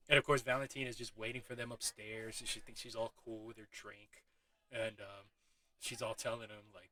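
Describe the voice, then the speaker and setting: A man giving a casual, excitable movie recap, swearing often and laughing as he talks. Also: mid-range voice, poor audio. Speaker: movie reviewer.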